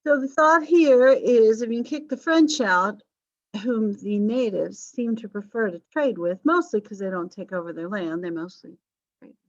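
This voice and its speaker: A woman's voice: fairly high pitch, moderate pace, dry recording, muffled recording. A woman teaching a history lesson over a video call, chatty and wry, often correcting herself and making asides. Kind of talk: online class lecture.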